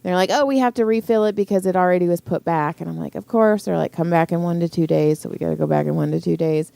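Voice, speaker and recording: Quick-paced and lowish, this middle-aged woman's voice is creaky yet warm, recorded with no room sound. Co-hosting a podcast, she tells a story casually, acting out quotes and cursing freely.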